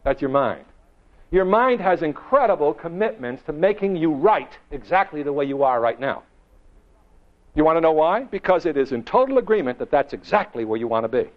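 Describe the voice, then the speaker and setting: Guy running a motivational seminar, kinda high voice, asks the crowd stuff, dull lo-fi audio. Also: very animated, a little fast. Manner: emphatic, rhetorical questions, shifts pace and volume for effect. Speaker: motivational speaker. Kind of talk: seminar talk to a live audience. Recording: dull lo-fi recording.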